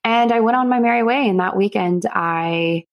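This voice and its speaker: A woman's voice: mid-range voice, normal speed, dull audio. A young woman guest telling a personal story in a casual interview, joking her way through it. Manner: jokey, self-deprecating, animated.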